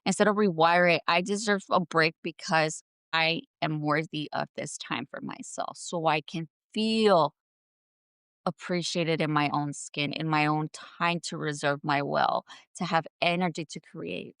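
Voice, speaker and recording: A woman's voice: sits low, steady tone, measured pace, gravelly, fairly bright tone, clear, resonant tone, dry recording, clean studio sound. A woman hosting her own show, delivering an earnest motivational self-help monologue from home and repeating affirmations for emphasis. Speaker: podcast host. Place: at home, indoors.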